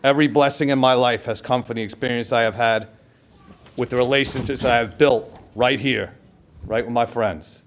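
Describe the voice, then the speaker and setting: A man's voice: medium pitch, fairly even intonation, normal speed, slight background noise. Middle-aged New man giving a speech. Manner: storytelling, acts out quoted coach with loud outbursts. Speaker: hall of fame inductee giving acceptance speech. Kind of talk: speech at a podium.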